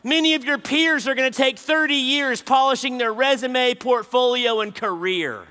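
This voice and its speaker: A man's voice: high-pitched, moderate pace, sharp tone. A middle-aged man preaching at a conference, emphatic, driving home key phrases by repeating them. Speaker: conference speaker. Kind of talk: sermon. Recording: long hall reverb.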